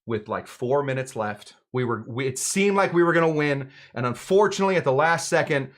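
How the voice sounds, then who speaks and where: A man playing a defeated football coach at a press conference, speaking in a resigned, apologetic and halting way. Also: mid-range voice, lively intonation, lightly acted.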